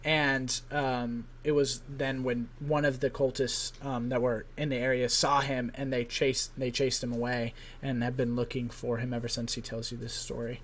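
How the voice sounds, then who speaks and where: A man runs a tabletop game as game master. He narrates loosely, full of ums and likes. His voice sits at an ordinary middle pitch. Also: flat delivery, normal speed, few pauses, a little hiss or hum. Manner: casual, many fillers and likes.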